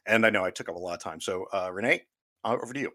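A man's voice: lowish voice, rapid-fire, pushed and bright, no room sound. A man co-hosting a casual film podcast, talking in a rambling way with lots of fillers and restarts. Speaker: podcast co-host. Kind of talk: casual chat about films.

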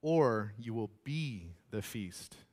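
A man preaching a sermon as pastor, animated and often repeating words. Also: on the low side, takes it slowly.

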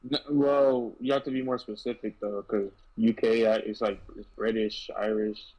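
A man's voice: lowish voice, little pitch movement, normal speed, dull audio. A man in a casual group chat, joking and stammering as he starts his points. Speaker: podcast guest.

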